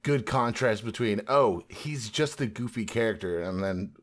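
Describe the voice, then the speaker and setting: Animated man podcaster recapping scenes. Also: lowish voice, normal speed. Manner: animated, acts out quoted lines in voices. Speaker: podcast co-host. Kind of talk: casual chat.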